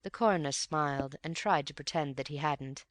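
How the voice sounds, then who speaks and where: A woman narrating an audiobook in an even, measured storytelling manner. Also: low voice, dry recording. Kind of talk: scripted narration.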